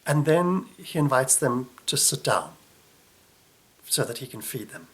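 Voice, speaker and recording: A man delivering a reflective sermon, unhurried, often dropping soft and low at the ends of phrases. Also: big pitch swings. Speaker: preacher.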